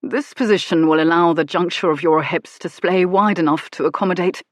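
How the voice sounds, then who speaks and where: A woman narrator puts on a raspy, bespectacled duke who speaks in formal, precise phrases that keep breaking under strain. His low, tense voice sits close and dry in a romance audiobook. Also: a little fast, no echo, close to an everyday voice.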